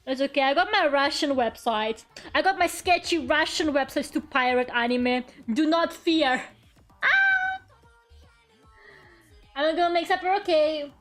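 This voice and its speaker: A woman's voice: high-pitched, moderate pace, hardly any pauses, faint music behind. A woman streamer chatting casually and rambling from her room, now and then swearing and talking to her viewers. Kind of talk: casual live-stream chat. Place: her own room at home.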